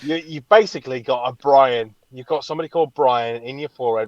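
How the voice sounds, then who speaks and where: A man's voice: mid-range voice, quick pace, no echo, lo-fi sound. Sweary man telling a story. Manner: animated storytelling, swears a lot. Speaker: podcast co-host. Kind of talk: casual chat.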